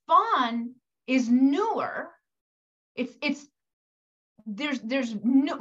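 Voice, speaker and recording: Speaking to an audience of mothers in a measured, unhurried way, a high-pitched woman coaches them directly. She performs the voices of parents and children with animation, and the audio sounds slightly dull and muffled.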